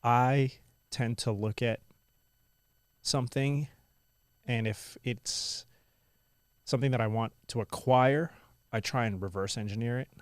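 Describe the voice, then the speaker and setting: A young man from India who now speaks with an American accent, telling stories as a guest in a casual interview, animated and full of "like". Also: mid-range voice, a little slow, pauses often, smooth, dry recording, clean studio sound. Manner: animated, lots of "like" and "I was like" quotes.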